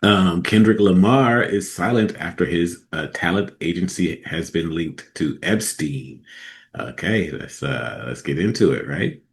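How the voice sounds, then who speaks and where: A man's voice: deep voice, lively intonation, measured pace, gravelly. A man hosting a casual commentary show, talking in a laid-back, rambling way with frequent chuckles and fillers between played clips. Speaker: host.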